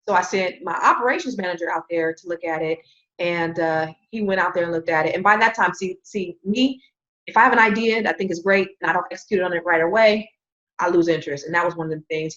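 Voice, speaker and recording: A woman guest on a podcast, telling a story in a casual, animated way and acting out the voices of the people she quotes. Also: mid-range voice, lo-fi sound.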